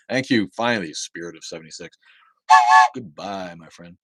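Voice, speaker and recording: A man's voice: low-pitched, fairly quick, creaky, fairly bright tone, no room sound, studio quality. A man hosting a casual livestream, reading out viewer comments and answering them with sarcastic, profane rants full of restarts.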